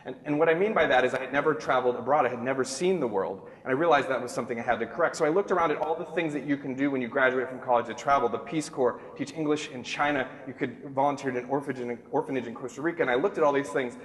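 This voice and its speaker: A man in his thirties telling a comic story to a crowd at a talk, animated and self-mocking, sometimes jumping into a high squeak to act out other people. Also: rapid-fire, few pauses. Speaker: keynote speaker. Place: large hall. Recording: echoey hall with long reverb.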